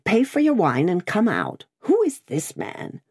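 A woman reading the part of a furtive, vexed man who speaks low and abrupt. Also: wildly swooping pitch, measured pace, darkish tone, slightly rough, exaggerated voice. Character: furtive, vexed grown man, a hunted brother.

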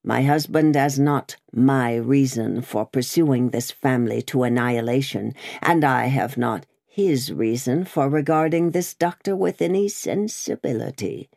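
A woman reading aloud, voicing a stern, vengeful revolutionary woman in a cold, deliberate manner. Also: extremely low pitch, creaky, darkish tone, no echo, clean studio sound, heavily acted.

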